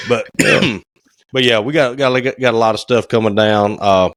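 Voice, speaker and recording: A man's voice: lowish voice, measured pace, fairly bright tone, no room sound. A man, co-hosting a casual podcast chat and acting out phone calls as he tells stories. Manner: folksy storyteller, acts out phone calls. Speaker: podcast co-host, cabinet maker.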